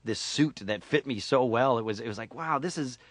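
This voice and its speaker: A man with an upstate New York accent and a nasal voice, a voice actor telling stories in a casual radio interview, with quick turns into impressions. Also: medium pitch, no echo. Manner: animated storyteller, slips into impressions and laughs often. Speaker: voice actor guest.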